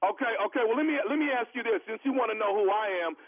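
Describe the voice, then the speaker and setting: A man's voice: very high-pitched, quick pace, crowd noise. Pushy slangy man on a phone line. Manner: streetwise, pushy, casual slang. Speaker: radio prank caller. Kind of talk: prank phone call.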